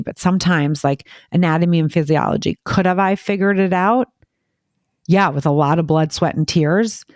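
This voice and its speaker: A woman chatting casually as a parent on a podcast, telling quick, filler-heavy stories and acting out what people said. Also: lowish voice, a little mellow, no echo, clean studio sound. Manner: rapid, filler-heavy storytelling, acting out quoted voices. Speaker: parent guest.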